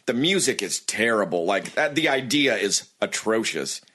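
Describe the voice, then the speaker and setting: Male podcast guest, animated pitch, enthusiastic, acts out quotes. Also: normal speed. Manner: enthusiastic, acts out what others say. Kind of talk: casual chat.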